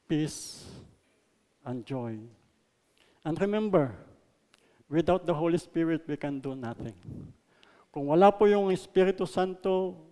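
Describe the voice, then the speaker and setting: Filipino pastor preaching in a reverberant hall. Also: male voice, a little high. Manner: switches between English and Tagalog, rising emphasis then trailing off softly. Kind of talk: sermon. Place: church hall.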